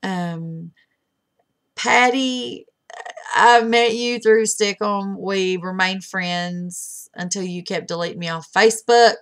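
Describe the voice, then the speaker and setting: A middle-aged woman giving a heartfelt, halting farewell to her online friends, holding back tears. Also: mid-range voice, a bit bright. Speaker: webcam streamer. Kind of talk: emotional farewell message.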